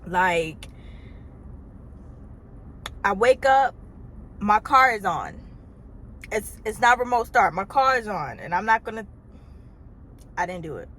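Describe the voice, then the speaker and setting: A woman in her thirties, originally from Trinidad, telling a casual storytime vlog from her car in an animated, chatty way with exasperated asides. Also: mid-range voice, unhurried, pauses often, a little hiss or hum. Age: 30s. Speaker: vlogger. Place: parked car.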